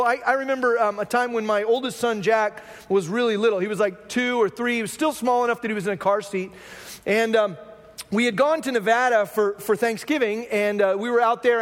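High-voiced pastor joking through a sermon. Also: male voice, big-room sound. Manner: self-deprecating storytelling with jokes.

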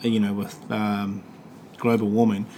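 A man's voice: lowish voice, level tone, unhurried, warm tone, slight background noise. A man with a New Zealand accent, hosting a casual podcast chat, crude and joking, swearing freely. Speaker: podcast host.

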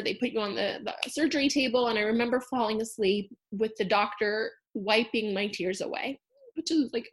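A woman in her thirties telling a personal story in a candid, conversational way, with fillers and soft laughs. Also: a little high. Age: 30s. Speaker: storyteller sharing a personal loss.

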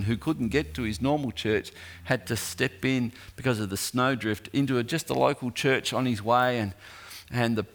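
A middle-aged man preaching a sermon, telling stories with long pauses and building intensity. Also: medium pitch, fairly bright tone.

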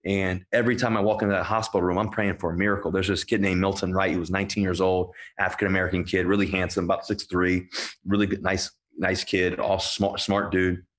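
Lowish male voice, earnest storytelling, lots of restarts and repeats. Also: flat delivery, quick pace, fairly bright tone. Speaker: guest speaker. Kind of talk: personal storytelling to an audience.

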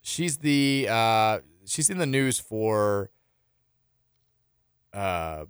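A man's voice: on the low side, lively intonation, extremely slow, smooth, no room sound, clean studio sound. Rambling male sports radio host. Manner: loose and rambling, with frequent restarts and chuckles. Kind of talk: casual sports radio talk, reading listener texts. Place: radio studio.

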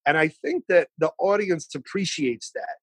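Casting: male TV food host as guest, a touch high-pitched, chatty and crude, dry close sound. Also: husky, no echo. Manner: chatty, profane, quick asides. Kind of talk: casual remote chat. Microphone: remote call.

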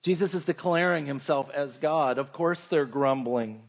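A man on the high side vocally delivers a sermon, sharing Bible stories in a conversational manner and reading scripture slowly.

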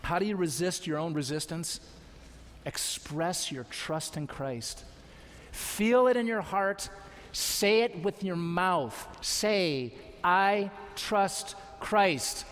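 A man's voice: high voice, animated, slow pace, fairly bright tone, long reverb tail. A man preaching a sermon as pastor, exhorting his congregation with repeated calls to trust and obey. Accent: American. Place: church sanctuary.

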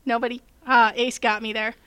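Woman game master, casual storyteller, high clear voice, dry close sound. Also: level tone, fairly quick, pushed and bright, no room sound. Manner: rambling storytelling with fillers. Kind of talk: casual chat.

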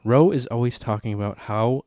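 Excitable, swearing podcast co-host man. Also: mid-range voice, moderate pace, dry recording, studio quality. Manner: loud, excitable, swearing, laughing often. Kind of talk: casual podcast chat. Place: small room with a space heater.

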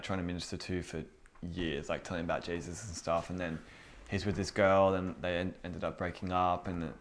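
A man's voice: sits low, slight background noise. A young man giving an informal, earnest sermon, chatty and full of fillers like "you know what I mean". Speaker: preacher.

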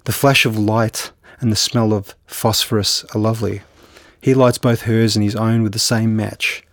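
A man's voice: on the low side, fairly even intonation, no room sound, studio quality. A man, a novelist, talking hesitantly in an interview with many restarts, then reading from his book. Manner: hesitant, halting with restarts and fillers. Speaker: novelist guest.

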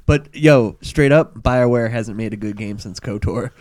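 A man's voice: medium pitch, unhurried, darkish tone, no room sound. A man co-hosting a gaming podcast in casual chat, with a wry, teasing manner.

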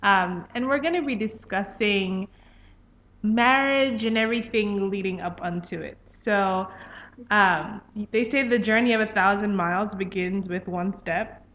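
A woman's voice: mid-range voice, measured pace, a bit bright, muffled recording. A woman from Nigeria hosting a podcast, chatting casually and laughing often. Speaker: podcast host.

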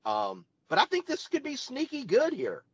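A man co-hosting a wrestling podcast, chatting casually as an eager fan whose voice jumps up when excited. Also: very high voice, normal speed, husky, no echo, rough recording. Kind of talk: casual chat reviewing wrestling.

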